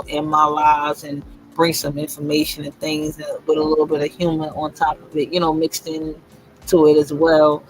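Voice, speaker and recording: A fairly high, bright-voiced man hosts a casual livestream chat, talking in an emphatic, reflective way. He often repeats himself as he gathers his thoughts, and faint music plays behind him. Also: low-quality recording. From New York. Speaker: host.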